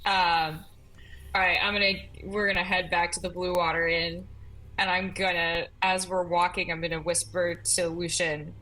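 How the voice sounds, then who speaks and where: A woman's voice: lowish voice, little pitch movement, moderate pace, sharp tone, rough recording. A woman player in a tabletop game who narrates her character's actions and laughs often. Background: faint music.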